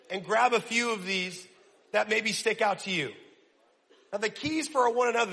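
A man preaching a sermon, talking in an energetic, casual way with self-deprecating humor. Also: high voice, long reverb tail. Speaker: pastor.

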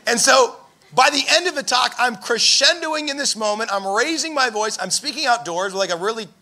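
Young man, preacher, sermon, very high voice, animated storytelling. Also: a little fast. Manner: animated storytelling, raises his voice for emphasis. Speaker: pastor.

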